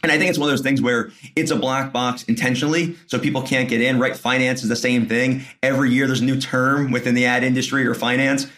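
A man who founded a media company, a guest on a podcast in casual business chat, talking quickly and leaning on "right?" and "like". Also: medium pitch, level tone, a bit bright. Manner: talks fast, leans on "right?" and "like".

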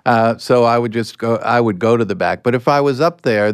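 An older man, a guest being interviewed, telling anecdotes in a relaxed way and acting out bits of dialogue. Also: mid-range voice, brisk, smooth, dry recording, studio quality. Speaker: guest, former con artist. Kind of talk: storytelling interview answers.

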